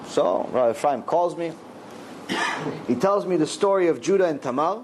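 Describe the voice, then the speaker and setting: A man's voice: fairly high pitch, animated, moderate pace, pauses often, background noise. A middle-aged man and rabbi giving a storytelling Torah lecture, acting out the dialogue in raised voices.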